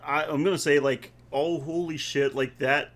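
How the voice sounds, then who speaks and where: A man co-hosting a podcast in casual chat, laid-back and halting, often laughing as he talks. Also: a little high, steady tone, fairly bright tone. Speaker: podcast co-host.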